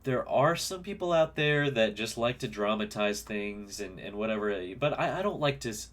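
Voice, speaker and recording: A man's voice: lowish voice, lively intonation, moderate pace, a bit bright. A man musician talking casually and reflectively through the lyrics of his own song, rambling with many fillers and restarts.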